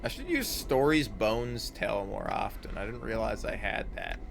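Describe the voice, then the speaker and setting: A man's voice: on the low side, wildly swooping pitch, normal speed, creaky, a little hiss or hum. A male streamer giving casual gameplay commentary, muttering to himself and reading game text aloud.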